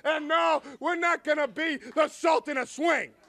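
A man's voice: very high voice, unhurried, vocal fry, sharp tone. A young man, a wrestling manager, cutting a heated, sarcastic promo full of taunts.

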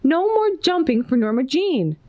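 A woman voicing an eager little girl who loves jumping, in a high exclaiming voice for a storybook reading. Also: big pitch swings, normal speed, warm tone, dry recording, highs cut off. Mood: stubborn.

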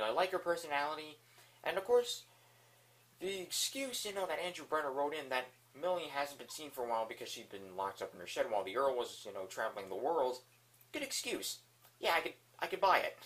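A man's voice: on the high side, fairly bright tone. Rambling enthusiastic male reviewer. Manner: enthusiastic and rambling, many fillers. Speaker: video reviewer. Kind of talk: casual spoken review.

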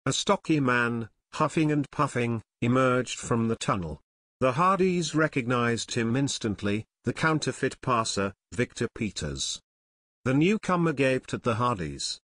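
A man reading an adventure audiobook in expressive, scripted narration. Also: medium pitch, unhurried, no echo.

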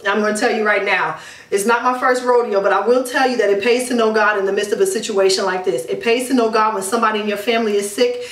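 A woman's voice: medium pitch, fairly even intonation, quick pace. A woman talking through her hair care routine in a casual review vlog, emphatic and chatty with many ums and repeats. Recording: echoey room, distant mic.

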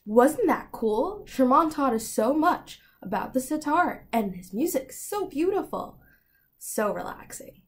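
A woman's voice: high-pitched, big pitch swings, unhurried. A woman hosting a children's educational show, cheerful and playful as she introduces segments. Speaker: host.

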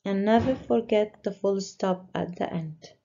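A woman teacher slowly walking young pupils through a worksheet, patiently stressing each word. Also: mid-range voice, vocal fry, mellow. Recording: dull lo-fi recording.

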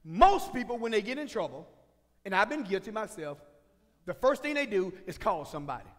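High-voiced preacher man, echoing hall. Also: big pitch swings, fairly quick. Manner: impassioned preaching that swings from shouts to conversational asides. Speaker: pastor. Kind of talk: sermon. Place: church sanctuary. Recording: reverberant church sanctuary.

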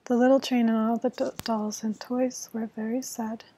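Breathy whispering woman, whispered role-play. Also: on the high side, level tone, normal speed, poor audio. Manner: soft, soothing bedtime reading. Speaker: storyteller.

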